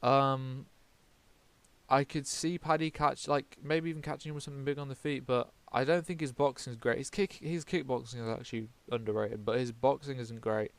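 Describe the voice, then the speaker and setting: Smooth-voiced man, casual rambling. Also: medium pitch, fairly even intonation, moderate pace. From United Kingdom. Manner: rambling, swears often, self-correcting. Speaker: MMA vlogger. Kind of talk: casual fight predictions.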